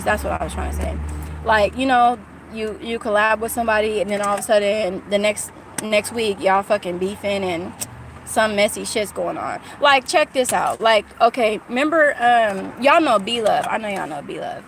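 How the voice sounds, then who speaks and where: A woman's voice: mid-range voice, a little hiss or hum. A woman from California chatting casually with her livestream viewers, candid and rambling, full of fillers and restarts. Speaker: YouTuber talking to live chat.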